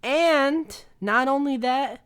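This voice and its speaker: A man's voice: extremely high pitch, takes it slowly, fairly bright tone. A young man vlogger casually telling a story, rambling and swearing as he laughs along. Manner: rambling, profane, laughs through his story.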